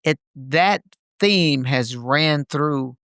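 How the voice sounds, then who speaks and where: A man's voice: a little high, drawn-out words, fairly bright tone, smooth, dry recording. Emphatic man, dry close sound. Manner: emphatic, repeats phrases for stress. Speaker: podcast co-host. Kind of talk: reflective casual conversation.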